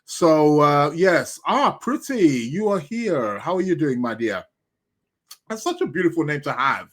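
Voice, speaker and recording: Man, podcast host, rambling live chat, fillers, slightly high pitch. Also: big pitch swings, a little slow. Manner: rambling, chatty, many fillers and restarts; eating while talking. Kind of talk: casual live-stream chat.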